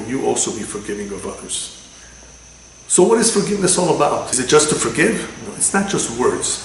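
A man, a rabbi, giving a religious lecture with animated storytelling and sudden loud quoted lines. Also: mid-range voice, gravelly, a little hiss or hum. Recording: echoey room with faint ambience.

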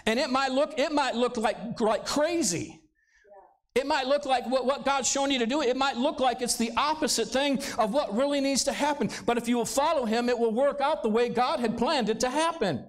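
Guy pastor with a really high voice, chatty sermon in church, keeps asking the crowd questions. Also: normal speed. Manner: conversational preaching with rhetorical questions to the congregation. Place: church sanctuary, live service.

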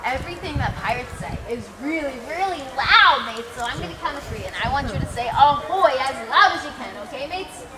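A woman performing as a pirate for preschoolers, calling them "mates" in a sing-song, coaxing way and getting them to shout pirate words. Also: high-pitched, expressive, fast talker, few pauses. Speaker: pirate-themed children's entertainer. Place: outdoors at a field-trip venue. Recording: noisy, echoey outdoor home video. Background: loud crowd of small children.

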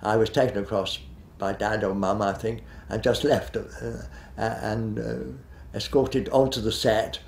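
A man's voice: fairly low pitch, fairly even intonation, unhurried, vocal fry, few pauses, a little mellow, echoey room. A man in his eighties, a retired television director, reminiscing in an interview in a rambling, hesitant way, full of fillers and restarts. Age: 80s.

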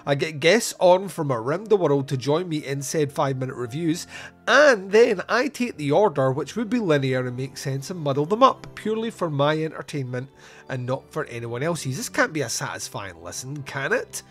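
A man's voice: a little high, expressive, normal speed, faint music behind. A man hosting a podcast on his own, recapping a film scene by scene in a wry, joking way with asides and fillers. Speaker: podcast host reviewing a film.

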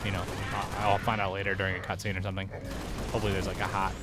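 A man giving goofy, excitable let's play commentary, trash-talking the game as he plays. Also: deep voice, racing. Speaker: gaming host. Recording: noisy game-audio mix. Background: game sound effects and vehicles.

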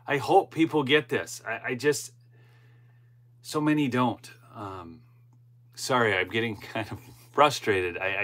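This middle-aged man hosts a political commentary channel, and his voice is medium in pitch with a sharp edge. He reads the news aloud, breaks into impassioned asides, and restarts often.

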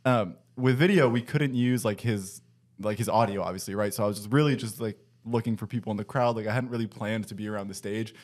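A man's voice: lowish voice, quick pace, a little mellow. A young man hosting a podcast from his basement, telling a story in a casual way, swearing and laughing often. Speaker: podcast host. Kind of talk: casual chat. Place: home basement.

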